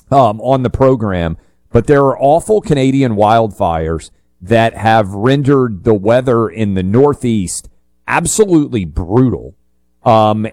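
A man's voice: mid-range voice, darkish tone, no echo. A man co-hosting a talk radio show, chatting emphatically and addressing his co-host by name.

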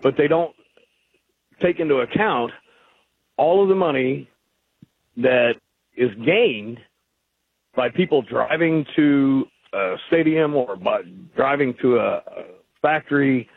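A man's voice: medium pitch, expressive, slow, pauses often, no echo. A man calling in to a radio show, arguing his point with hesitant fillers. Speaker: radio caller. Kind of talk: phone-in conversation. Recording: phone line.

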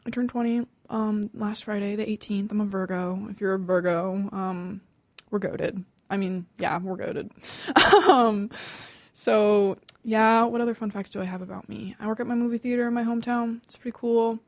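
A woman of twenty hosting a student radio show in casual chat, talking fast and nervously with many fillers and restarts. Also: mid-range voice, steady tone, no room sound. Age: 20s.

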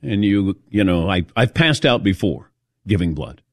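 A man's voice: sits low, lively intonation, normal speed, no room sound, clean studio sound. A middle-aged man hosting a sports talk radio show, telling a self-mocking story in casual chat.

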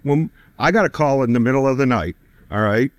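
A man's voice: medium pitch, brisk, dry recording. Man, fifties, casual spoken testimony, chatty with fillers, dry unechoing recording. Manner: chatty, many "you know" fillers, laughs between phrases. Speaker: guest telling a personal story.

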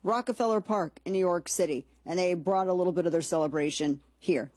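Chatty sarcastic woman host, husky voice. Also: fairly low pitch, steady tone, a little fast, mellow. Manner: chatty, sarcastic, rambling asides. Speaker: commentary show host. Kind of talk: casual monologue commentary.

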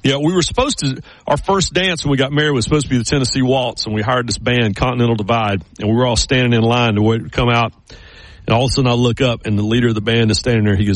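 A man's voice: medium pitch, fast talker, no echo. A man co-hosting a casual chat, telling stories in a rambling way with many restarts.

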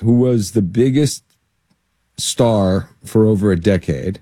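Lively storytelling man, low voice. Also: takes it slowly, dry recording, clean studio sound. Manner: animated, laughs through anecdotes. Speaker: guest actor. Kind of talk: casual interview storytelling.

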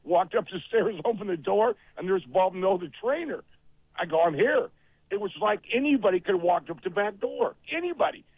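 A high, gravelly man in his fifties spins lively stories as a guest. His voice comes through a tinny phone line, husky and dry. He acts out every quote as he goes. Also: brisk, dry recording. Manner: animated storyteller, acts out quotes. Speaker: guest, former football player. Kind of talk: casual phone interview storytelling.

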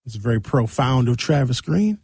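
A man hosting a talk show who is hoarse from recent shouting, giving blunt, conversational commentary on local news and asking rhetorical questions. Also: mid-range voice, very animated, normal speed, dry recording, studio quality.

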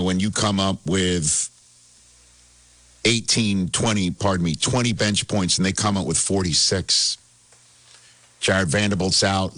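A man hosting casual sports talk, animated and excitable, laughing as he tells it. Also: low-pitched, no room sound. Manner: animated, excitable, laughs while telling stories.

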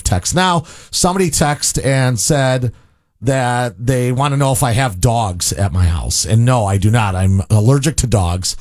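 A middle-aged man, co-hosting morning radio and telling an excitable, frantic story. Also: mid-range voice, a little slow. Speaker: radio show co-host.

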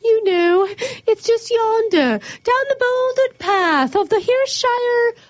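A woman's voice: extremely high pitch, slow pace, pitched above the performer's own voice. A woman voicing a phony, grandly formal English job applicant in a prank phone call, with a fake English accent. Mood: mock posh. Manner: stilted, grandly formal, giggly. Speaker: radio host.

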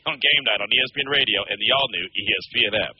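A man's voice: on the low side, very fast, heavy background noise. A man co-hosting sports radio, joking casually and laughing often. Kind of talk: casual sports talk banter. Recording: muffled radio broadcast audio.

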